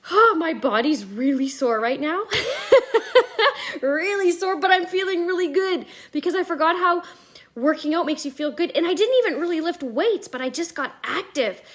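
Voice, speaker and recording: Chatty high-voiced East Coast Canadian woman. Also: a bit bright. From Nova Scotia, Canada. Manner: bubbly, chatty, rambling with many fillers. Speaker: network marketing host on a live video call. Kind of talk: casual live-stream chat. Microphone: video call.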